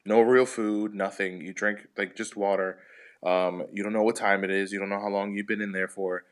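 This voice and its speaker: Man, low-pitched, casual comedy chat, rambling storyteller, swears a lot. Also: little pitch movement, normal speed, clear, resonant tone. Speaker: podcast participant.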